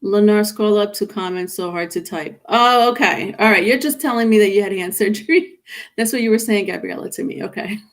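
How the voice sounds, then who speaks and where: A woman's voice: medium pitch, brisk. Chatty woman tarot reader live. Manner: chatty, reads comments aloud, calls viewers honey. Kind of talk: live-stream tarot reading, chatting with viewers.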